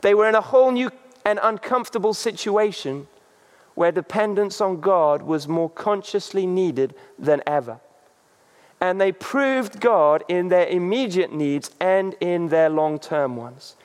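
A man preaching a sermon as a pastor, halting, with many fillers. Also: high voice, clear, resonant tone. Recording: long reverb.

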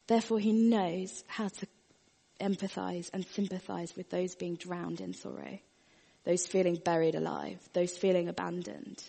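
A woman preaching a sermon, earnest, often dropping her voice very soft and quiet. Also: fairly low pitch, fairly even intonation, normal speed, creaky, breathy edge, in a large hall.

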